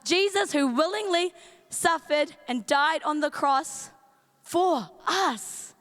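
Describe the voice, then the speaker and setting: Woman youth leader, New Zealand accent, strained voice, high and unhurried, big-hall reverb. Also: expressive, a bit bright. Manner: playful, chatty, greets in Māori. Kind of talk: youth camp talk. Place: large events centre stage.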